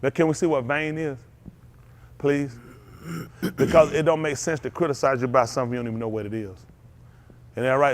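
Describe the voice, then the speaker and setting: A middle-aged man, preaching an animated sermon as pastor, laughing and calling out to the congregation. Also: mid-range voice. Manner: animated preaching with laughs and audience call-outs.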